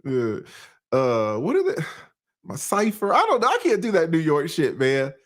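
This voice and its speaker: Lively, high-voiced man riffing. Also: a little slow. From Atlanta, USA. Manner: animated, profane, laughing often. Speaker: YouTube commentary host. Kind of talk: casual livestream commentary.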